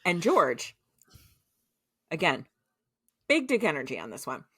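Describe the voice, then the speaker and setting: A woman's voice: low-pitched, wildly swooping pitch, measured pace, bright, forceful tone, husky, no room sound, studio quality. A woman podcast co-host from the United States, chatting casually as she recaps a show, swearing freely and leaning on fillers like "like" and "um".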